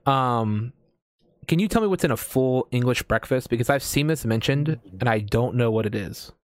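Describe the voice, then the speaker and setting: A man's voice: medium pitch, animated, moderate pace, no echo, studio quality. An American man in casual chat as a host, rambling with lots of fillers and casual swearing. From United States.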